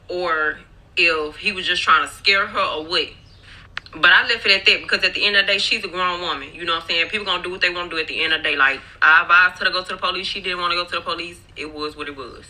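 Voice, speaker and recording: A woman's voice: fairly low pitch, sharp tone, low-quality recording. A young woman telling a story to her phone in a rambling, profane way during a work break, often calling out to viewers. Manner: rambling, profane, keeps addressing viewers as y'all. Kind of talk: casual storytime chat. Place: workplace, on break.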